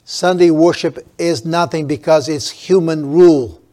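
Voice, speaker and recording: Emphatic male preacher, slightly high voice. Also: mellow. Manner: emphatic, drawn-out stresses, frequent restarts. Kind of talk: sermon.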